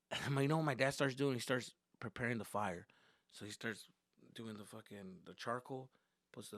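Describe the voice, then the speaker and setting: A man, a comedian, telling a childhood story in an animated, profane way, slipping into Spanish. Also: lowish voice, no echo, clean studio sound. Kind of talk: stand-up style storytelling.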